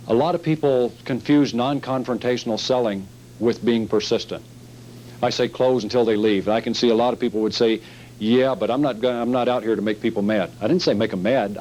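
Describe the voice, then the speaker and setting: A man's voice: mid-range voice, darkish tone, a little hiss or hum, low-quality recording. A man teaching a sales training seminar, emphatic and repetitive, acting out sales scenes as he goes.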